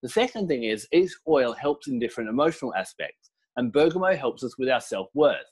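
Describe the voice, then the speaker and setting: A man's voice: medium pitch, fairly quick, breathy edge. Man telling stories in an easygoing interview. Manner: relaxed, storytelling, explanatory with fillers. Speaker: crystal and essential oil teacher, guest. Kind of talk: casual interview talk.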